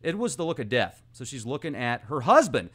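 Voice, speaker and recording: A man hosting an informal monologue, talking animatedly and excitably, speeding up and slowing down as he goes. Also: mid-range voice. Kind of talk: casual esoteric monologue.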